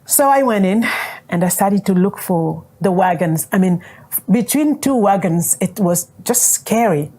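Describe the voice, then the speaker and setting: Husky-voiced woman telling a story. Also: medium pitch. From Congo. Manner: animated, acts out quoted dialogue, laughs often. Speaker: guest sharing a testimony. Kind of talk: personal storytelling.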